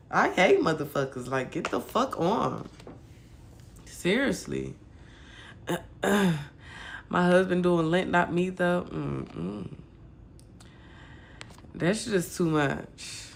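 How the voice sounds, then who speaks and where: A woman from Michigan hosts a casual livestream chat with a gravelly, fry-laden voice. She talks bluntly to her viewers and curses freely. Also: medium pitch, fairly bright tone, slight background noise. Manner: blunt, profane ranting to viewers. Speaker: livestream host.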